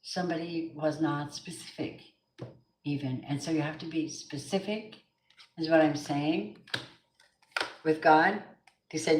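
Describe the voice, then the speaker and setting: A woman's voice: sits low, unhurried, pauses often, reverberant, a little hiss or hum, low-quality recording. A middle-aged woman giving an emphatic live tarot reading, chatting with her viewers by name. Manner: emphatic, repeats affirmations. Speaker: tarot reader. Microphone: camera mic on a live stream.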